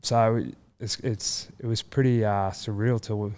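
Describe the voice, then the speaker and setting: A low-voiced Australian man chats as a guest on a casual show. He rambles through his stories, circling back with fillers and restarts. He sounds like a footballer in his thirties, relaxed and unscripted. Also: measured pace. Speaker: guest, rugby league player. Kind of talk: casual chat.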